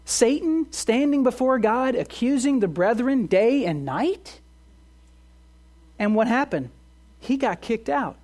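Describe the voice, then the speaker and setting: A woman's voice: a little high, animated, takes it slowly. Earnest woman preaching a sermon. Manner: earnest, swings between quiet emphasis and fervent exclamations. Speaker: pastor.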